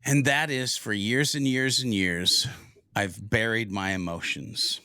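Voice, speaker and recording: A middle-aged man co-hosting a podcast, talking openly and earnestly with a heartfelt tone. His voice has a bright, forceful edge. It is recorded dry and close, with no room sound. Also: fairly low pitch, fairly even intonation, unhurried, no echo. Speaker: podcast co-host. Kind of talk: casual podcast chat.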